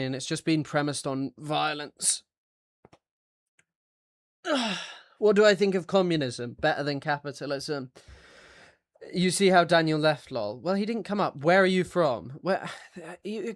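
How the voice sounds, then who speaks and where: A man's voice: a little high, no echo, studio quality. A man streaming live, reading out viewer chat and answering it in an offhand, blunt way. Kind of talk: casual livestream chat.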